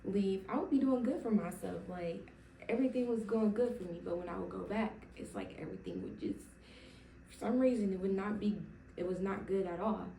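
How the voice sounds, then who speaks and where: A woman's voice: medium pitch, very animated, brisk, creaky, dark tone, distant mic, a little hiss or hum. A young woman telling her personal faith testimony to camera, emotional and rambling, with many fillers and restarts. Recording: roomy sound from away from the mic.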